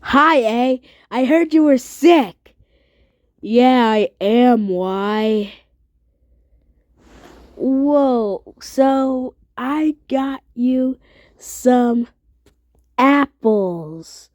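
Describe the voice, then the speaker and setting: A woman's voice: fairly high pitch, drawn-out words, pauses often, a little mellow, no echo, voice pushed down. A woman voicing a kind young friend who coaxes a sick child to eat apples, in a toy play story. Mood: coaxing. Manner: coaxing, encouraging.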